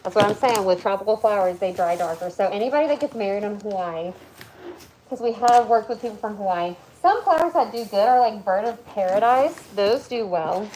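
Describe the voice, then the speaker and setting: A woman's voice: mid-range voice, expressive, a little fast, darkish tone, a little hiss or hum, poor audio. Tennessee woman, stream host, chatty and offhand while working. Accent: Southern US, Tennessee. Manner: chatty, lots of "like" and asides. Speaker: live-stream host, flower preserver. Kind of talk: casual chat while working.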